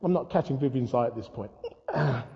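An older man preaching a sermon, telling stories with humor and lively asides. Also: medium pitch, a little fast, creaky. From England. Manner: storytelling, humorous, animated asides. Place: church hall. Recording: muffled sound in a reverberant hall.

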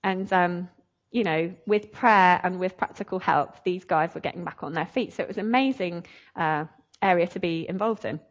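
A woman's voice: on the low side, moderate pace, highs cut off. A woman telling a faith testimony in a chatty, emotional way, laughing often. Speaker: speaker sharing a testimony. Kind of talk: sermon testimony.

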